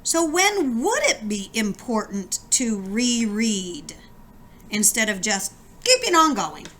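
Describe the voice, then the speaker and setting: A woman's voice: a little high, sing-song, slow, pushed and bright, slight background noise. A woman teacher giving a recorded reading lesson, explaining and asking her students questions. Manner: instructive, posing questions to students.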